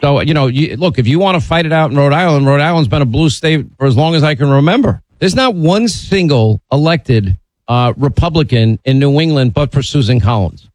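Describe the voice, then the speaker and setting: A man's voice: fairly high pitch, animated, fairly quick, a little mellow, dry recording, rough recording. A man hosting a call-in radio talk show, blunt and opinionated in a conversational way. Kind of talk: talk radio, taking calls.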